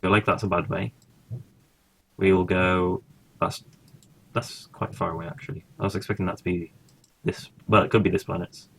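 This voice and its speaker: A man's voice: low voice, fairly even intonation, moderate pace, creaky, pauses often, breathy edge. A man casually commentating his own gameplay, thinking aloud and swearing now and then. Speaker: gaming streamer.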